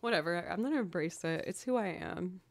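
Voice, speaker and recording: A woman's voice: on the low side, a little fast, gravelly. A woman from the Boston area with a Boston accent, chatting casually and giggling on a livestream while sick with a lingering cold. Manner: chatty, giggly and self-mocking. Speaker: livestreaming violinist and singer. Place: home.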